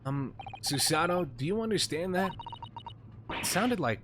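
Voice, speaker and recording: A man's voice: high-pitched, measured pace. Joking male streamer, noisy mic. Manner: joking, casual, swears freely. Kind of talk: live game playthrough with commentary. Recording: steady background noise.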